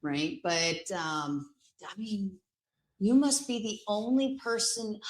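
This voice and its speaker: A woman's voice: mid-range voice, slow, pauses often, poor audio. A woman talking casually in a rambling, teasing way with many fillers. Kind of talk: casual chat.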